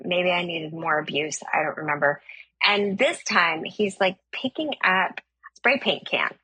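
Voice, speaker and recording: A woman telling a comic story on a podcast, animated and swearing as she acts out the dialogue. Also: on the low side, measured pace, breathy edge, no room sound, rough recording. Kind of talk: comedic storytelling.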